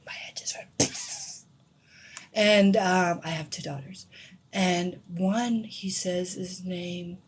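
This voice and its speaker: A middle-aged woman and tarot reader telling a personal story to her viewers, shifting between hushed whispers and excited outbursts. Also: lowish voice, a little hiss or hum.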